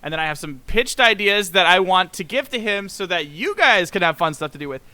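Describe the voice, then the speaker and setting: A man in a relaxed podcast conversation with a bright, forceful voice pitched a little high. He tells stories with lots of energy, laughs often and acts out the back-and-forth of past conversations. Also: brisk. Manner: animated storyteller, laughs often, acts out quoted exchanges. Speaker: guest animator. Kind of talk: casual podcast chat.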